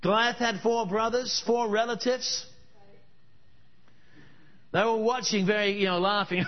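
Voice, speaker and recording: High-voiced male preacher, storytelling sermon style, muffled lo-fi sound. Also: steady tone, unhurried, pauses often. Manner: storytelling, emphatic rhetorical questions. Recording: dull lo-fi recording.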